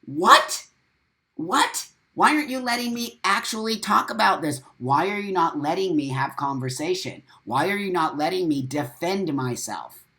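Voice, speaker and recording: A man hosting a live-stream monologue, swearing often and repeating phrases for emphasis in a defiant, forceful rant. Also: on the high side, lively intonation, moderate pace. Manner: profane, emphatic ranting. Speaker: host.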